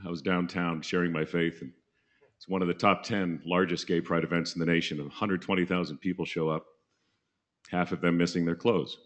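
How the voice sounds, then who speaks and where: Low-voiced male preacher, laid-back and jokey, tells stories and does voices. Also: steady tone, a little fast. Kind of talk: sermon storytelling.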